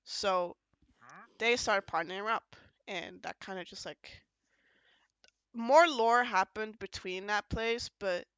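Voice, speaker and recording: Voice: medium pitch, slow, long pauses, a bit bright, clear, resonant tone, no room sound, highs cut off. A podcast host casually recapping a roleplay event. The host rambles with lots of fillers, jumps from point to point and acts out quoted lines.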